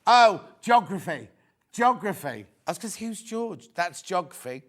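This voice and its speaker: A middle-aged man hosts a live shopping broadcast, talking in a somewhat high voice. He rambles through anecdotes and jokey asides between quoting prices. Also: very animated, moderate pace, a bit bright. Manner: chatty, rambling, joking asides. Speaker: shopping channel presenter. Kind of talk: live TV sales chat.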